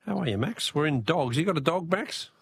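A man's voice: on the high side, expressive, a little fast, gravelly, slight background noise. An Australian man hosting a radio talkback quiz in a chatty, jokey way, chuckling at himself between callers.

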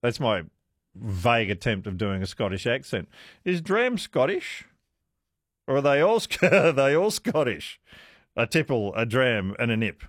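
A man hosts a talkback radio show in a chatty, musing way. His pitch swings freely as he talks. The studio sound is close and dry. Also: moderate pace, no room sound. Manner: lively, chatty, musing questions aloud. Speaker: radio host.

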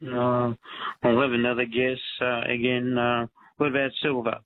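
A man's voice: medium pitch, little pitch movement, normal speed, slight background noise. Man on a tinny phone line. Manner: friendly, hesitant. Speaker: caller. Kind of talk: casual phone-in chat.

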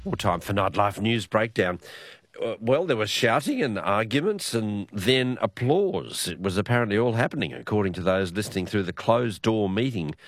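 A hoarse man hosting an evening radio news program, talking with frequent restarts. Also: low voice, no echo, clean studio sound. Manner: halting, many restarts.

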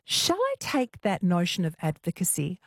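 A woman's voice: on the low side, wildly swooping pitch, moderate pace, no echo, studio quality. Chatty woman hosting radio. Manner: chatty, playful and self-mocking. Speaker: fill-in radio host. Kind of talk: casual radio chat.

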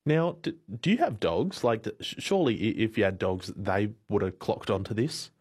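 An interviewer asks his questions in a stumbling, stop-start way. His voice is husky and sits low. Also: very animated, normal speed, a little mellow. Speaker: radio interviewer.

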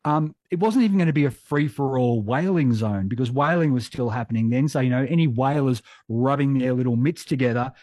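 A man's voice: medium pitch, brisk, hardly any pauses, a little mellow, dry recording. Male history guest, wry and playful, dry studio sound. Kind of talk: radio interview.

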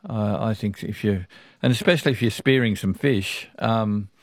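An easygoing Australian man hosting a talkback radio show, chatty and quick to laugh. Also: lowish voice, no echo, studio quality. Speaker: radio host.

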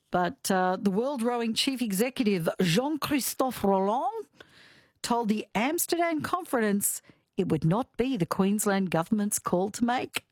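A woman's voice: a little high, no room sound. Middle-aged Australian woman, radio host, chatty with fillers, dry close sound. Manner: chatty, laughs easily, frequent fillers. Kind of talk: casual radio chat and quiz.

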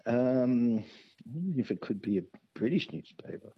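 A man's voice: mid-range voice, animated, normal speed, slightly rough. A man calling into a radio quiz, rambling and hesitant with lots of ums. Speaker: caller. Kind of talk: phone-in chat. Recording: dull phone line.

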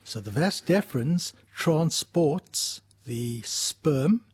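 Husky man explaining medical science. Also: on the high side, animated, darkish tone, no room sound. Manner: measured, patient explaining with small restarts. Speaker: medical expert guest. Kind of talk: explanatory interview answers.

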